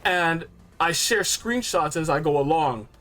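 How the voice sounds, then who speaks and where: A man recapping a story game in a rambling, excitable, slangy way, full of fillers and asides. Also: on the high side, measured pace. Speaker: game reviewer.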